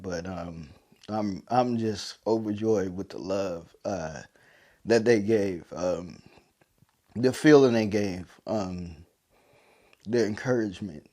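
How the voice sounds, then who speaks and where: A man's voice: on the low side, slow, warm tone. A man hosting a podcast, telling heartfelt family stories, choked up and emotional, with many fillers. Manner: heartfelt, repetitive, lots of fillers. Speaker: podcast host. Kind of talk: emotional personal storytelling.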